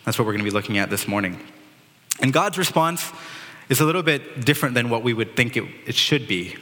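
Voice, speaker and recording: A man's voice: mid-range voice, animated, fairly quick, pushed and bright. A man preaching a sermon in earnest, quoting figures dramatically, with some restarts. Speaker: pastor. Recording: reverberant hall.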